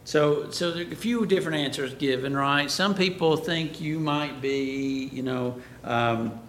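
A man preaching to a Bible class, slow and deliberate, throwing questions out to the room and then answering them. His voice sits a little high for a man. It rings in an echoey room, with a faint rumble underneath. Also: a bit bright.

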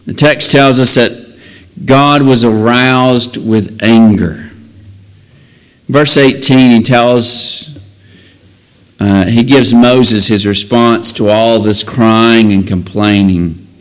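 A male preacher delivering a sermon at an unhurried, deliberate pace. His pitch sits at an ordinary middle level for a man. His manner is earnest, and it often climbs into emphatic, raised passages while he reads and retells scripture. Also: fairly even intonation, clear, resonant tone, low-quality recording.

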